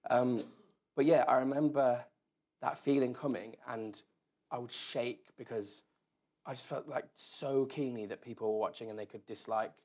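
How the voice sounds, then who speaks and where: An English man, appearing as an interview guest before a live audience in an event room, tells rambling, self-deprecating stories packed with "like." His mid-range voice has a steady, darkish tone, and he talks at a moderate pace.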